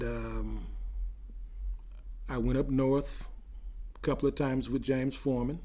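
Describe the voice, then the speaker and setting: Older guy in an oral history interview, gets lively telling his stories. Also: medium pitch. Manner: animated storyteller, rising as he recounts.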